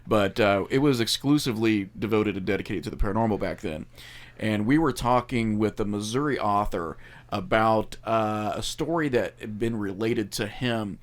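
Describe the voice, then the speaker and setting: A man's voice: fairly low pitch, normal speed. A man hosts a paranormal talk show and shares an eerie story of his own. He rambles in a loose, casual way, with many fillers and restarts. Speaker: podcast host. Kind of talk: casual chat.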